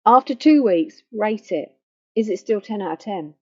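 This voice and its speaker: A woman counselling on grief in a gentle, slow, reassuring way that softens to a near hush. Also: mid-range voice, expressive, breathy edge. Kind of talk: guided self-help talk. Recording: dull lo-fi faulty microphone.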